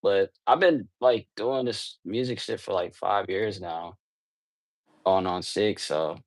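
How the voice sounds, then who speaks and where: Young guy, kinda low voice, rambling w/ lots of "like" and slang, dry close recording. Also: slow pace, no room sound. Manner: rambling, filler-heavy, slangy, restarts often. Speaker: underground rapper, interview guest. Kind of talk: casual interview answers.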